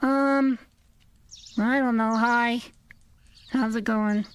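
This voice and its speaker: A man voicing a mopey young boy who talks slowly and reluctantly, in a comedy show. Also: very high voice, fairly even intonation, slight background noise, voice pushed up, full character voice. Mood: sulky.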